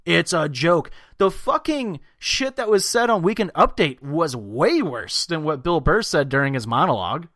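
A man's voice: a little high, very animated, moderate pace, hardly any pauses, dry recording, clean studio sound. A man co-hosting a podcast in casual chat, swearing often and now and then mocking people in put-on voices. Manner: loud, crude, swearing, breaks into mocking voices. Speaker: podcast co-host.

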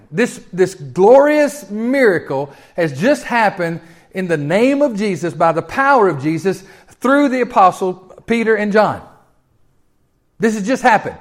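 A male pastor delivers a sermon with a notably high voice. He speaks in a conversational, storytelling manner, restarting phrases and swinging from quiet asides to loud, emphatic bursts. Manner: conversational, storytelling with sudden swells.

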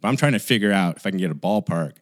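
A man's voice: low voice, lively intonation, very fast, no room sound, clean studio sound. A man co-hosting a podcast, telling a long story in casual chat and acting out the voices of the people in it. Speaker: podcast co-host.

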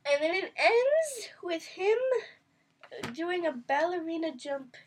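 A woman's voice: very high voice, very animated, slow. A young woman co-hosting a podcast, teasing her co-host and laughing often in casual chat.

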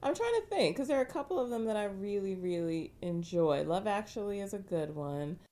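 A woman's voice: medium pitch, animated, fairly quick, dark tone. A woman co-host in an easygoing conversation. She sounds enthusiastic and teases the host playfully. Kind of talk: casual chat.

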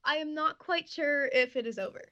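A woman from Canada answering a casual quiz in a steady, soft-spoken way. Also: high voice, normal speed, muffled recording. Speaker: quiz contestant. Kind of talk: casual chat.

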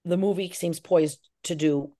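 Middle-aged actress, lowish voice, animated storyteller, interview chat. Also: female voice, a little slow. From Irish Catholic family. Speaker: actress and filmmaker.

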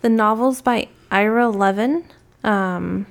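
A female podcast co-host reviewing a film in casual chat. Her voice is mid-pitched, and her delivery is calm and steady. She reads the synopsis and the credits without fuss. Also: slow pace, creaky.

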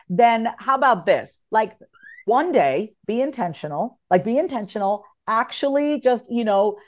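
A woman speaks as an interview guest with a slightly high, bright voice. She is frank and animated, drops the odd curse word, and keeps the talk loose and conversational. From United States. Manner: frank, animated, swears casually. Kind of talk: casual podcast interview.

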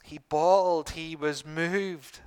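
A middle-aged man preaching a sermon to his congregation, earnest, repeating phrases and pausing for emphasis. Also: fairly high pitch, steady tone, a little mellow, clear, resonant tone. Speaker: pastor.

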